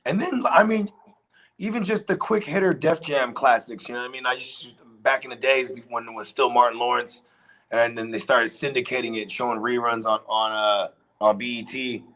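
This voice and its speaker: A man from Washington, D.C., chatting casually and retelling comedy bits in lively put-on voices. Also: mid-range voice, normal speed, rough recording. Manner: animated storyteller, acts out comedians' bits. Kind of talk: casual chat.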